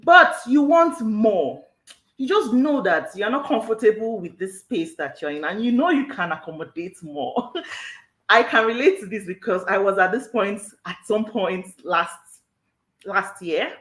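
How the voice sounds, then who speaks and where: Her medium-pitched, fairly bright voice is animated and moves at a moderate pace, though the audio is poor and the room echoes. Hosting a live online workshop, this coach speaks emphatically, repeats herself, keeps saying "all right," and laughs frequently.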